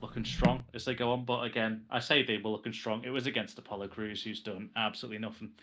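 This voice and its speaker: A man's voice: lowish voice, little pitch movement, fast, a bit bright. A man co-hosting a podcast, recapping wrestling events casually and laughing often. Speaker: podcast co-host.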